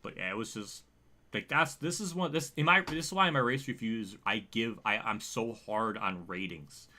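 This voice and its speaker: A man's voice: lowish voice, normal speed, sharp tone. A man streaming a racing game, talking in a rambling, emotional way and swearing often. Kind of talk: emotional livestream commentary.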